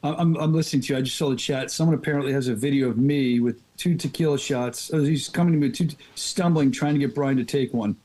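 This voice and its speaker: A man's voice: medium pitch, fast, hardly any pauses, mellow. A man hosting a casual podcast, telling stories in a joking, self-mocking way. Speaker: podcast host.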